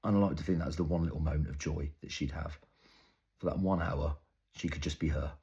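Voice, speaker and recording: A young man performing an intense, halting, improvised dramatic monologue. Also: rumbling low, fairly even intonation, dark tone, breathy edge, dull audio. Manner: intense, halting, storytelling with heavy swearing. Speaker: actor.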